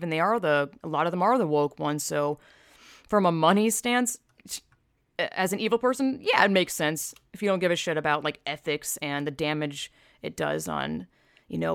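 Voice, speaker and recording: Gravelly blunt woman commentator. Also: low voice, no echo, studio quality. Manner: blunt, sarcastic, profane. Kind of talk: opinion vlog commentary.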